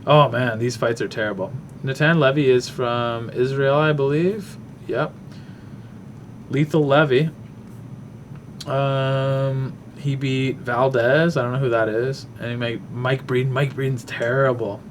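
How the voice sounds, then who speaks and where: A man's voice: mid-range voice, fairly even intonation, unhurried, a little hiss or hum. A man hosting a casual talk show, rambling through a fight breakdown while thinking aloud with many fillers. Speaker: podcast host.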